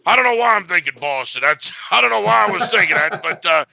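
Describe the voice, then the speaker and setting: A man's voice: high-pitched, lively intonation, quick pace, gravelly, pushed and bright. A man giving a sports betting pick in a blunt, boastful way, full of filler uhs.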